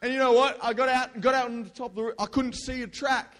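A young man preaching a lively youth sermon, telling casual stories and prompting the crowd. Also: extremely high pitch, quick pace. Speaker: youth pastor. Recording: long hall reverb.

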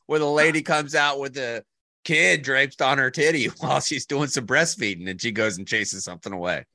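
A man's voice: medium pitch, fairly quick, pushed and bright, no echo, studio quality. A man co-hosting a casual talk show, joking and laughing often. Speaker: co-host. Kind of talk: casual chat.

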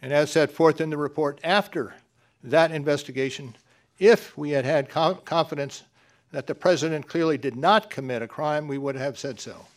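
Brief: deliberate male official, formal public statement, steady and careful. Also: on the high side. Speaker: government official giving a statement.

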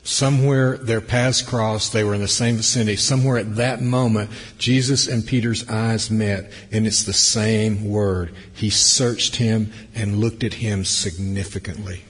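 Very husky preacher man in a hall. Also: on the low side, steady tone, measured pace, hardly any pauses. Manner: swings between loud emphasis and hushed near-whispers. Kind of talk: sermon. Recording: long hall reverb.

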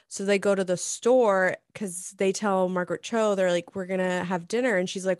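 A woman co-hosting a casual movie recap chat, relaxed and laughing often as she retells scenes. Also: medium pitch, fairly quick, few pauses, no echo, studio quality.

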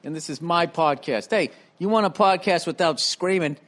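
A middle-aged man hosting a podcast from his home, rambling loudly and profanely and losing his train of thought. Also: a little high, moderate pace. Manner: profane, loud, easily sidetracked. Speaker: podcast host. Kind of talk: rambling comedic monologue. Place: room at home.

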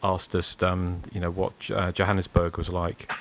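A man's voice: low voice, monotone, normal speed, bright, forceful tone. A man from Surrey with a slightly posh southern English accent, casually chatting as a podcast co-host and rambling through stories. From Surrey, England. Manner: meandering, self-deprecating storytelling. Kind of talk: casual chat.

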